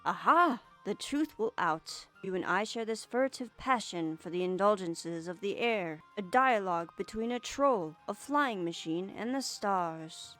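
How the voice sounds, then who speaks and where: A woman's voice: mid-range voice, animated, unhurried, hardly any pauses, pushed and bright, soft background music. A woman voicing a grandiloquent young male troll with pompous, flowery, old-fashioned speech. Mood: eager. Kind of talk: reading game dialogue aloud in character.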